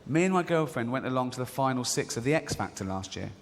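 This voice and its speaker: Performing stand-up in a large theatre, a man from England speaks fast in an expressive, medium-pitched voice. He tells stories in a chatty way and slips into other people's voices. Live reverb and faint crowd ambience come through.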